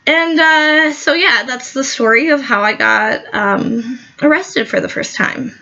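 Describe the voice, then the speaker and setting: A woman's voice: high-pitched, animated, moderate pace, few pauses, pushed and bright, muffled recording. A woman telling a satirical comic story as a monologue. She is whiny and melodramatic, and she fills her speech with "like". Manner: whiny, melodramatic, full of "like" fillers.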